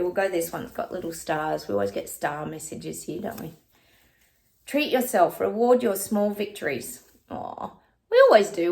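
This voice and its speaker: Brief: middle-aged Aussie woman, psychic livestream host, rambling chatty delivery, a bit of fry in the voice. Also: mid-range voice, a little mellow. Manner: chatty and rambling, addresses viewers as guys. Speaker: psychic reader. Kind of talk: casual livestream chat with tarot readings.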